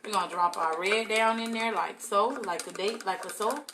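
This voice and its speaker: A woman's voice: medium pitch, moderate pace, sharp tone, a little hiss or hum. A young adult woman leading a live soap-making tutorial, chatting casually and calling her viewers y'all.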